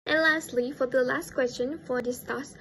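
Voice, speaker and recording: Young woman, student presenter; a fairly high voice, halting delivery with frequent restarts, faint ambient noise behind. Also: fairly even intonation, a bit bright, poor audio. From Malaysia. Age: young adult. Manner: halting, many restarts and repeated words. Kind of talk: reading a phonology analysis.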